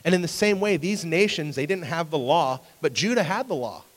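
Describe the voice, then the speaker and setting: A man's voice: on the high side, expressive, brisk. Man preaching in a reverberant hall. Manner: conversational, asks the audience questions; acts out voices in anecdotes. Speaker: pastor. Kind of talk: sermon. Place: church hall with an audience.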